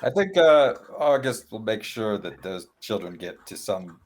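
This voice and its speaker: A man's voice: on the low side, sing-song, unhurried, slight background noise. A man playing a tabletop role-playing game, speaking hesitantly with lots of fillers. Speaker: player. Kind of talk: tabletop role-play chat.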